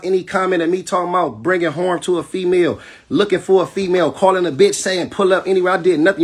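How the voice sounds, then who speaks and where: A battle rapper, ranting aggressively and profanely on a livestream. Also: male voice, high-pitched, slightly rough. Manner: keeps asking "you know what I'm saying". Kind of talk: heated livestream rant.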